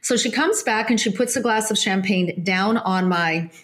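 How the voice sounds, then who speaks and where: A woman telling a casual anecdote in an animated way, restarting sentences often and acting out other people's voices. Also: medium pitch, normal speed.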